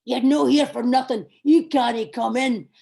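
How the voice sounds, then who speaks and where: A woman's voice: a little high, steady tone, unhurried, creaky, dark tone. Woman doing a threatening teenage boy. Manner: threatening, curt. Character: menacing Scottish teenage boy guarding a house.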